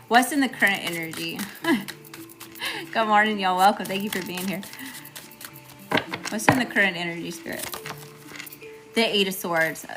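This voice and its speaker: A woman with a Southern accent doing a live tarot reading, chatty and casual, greeting viewers by name between cards. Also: fairly low pitch. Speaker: tarot reader.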